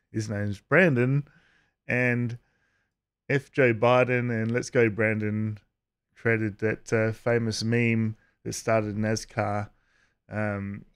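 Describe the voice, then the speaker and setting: Man giving a casual, halting commentary. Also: fairly low pitch, clean tone. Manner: halting, with frequent uhs and restarts; chuckles while talking. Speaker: YouTube commentator.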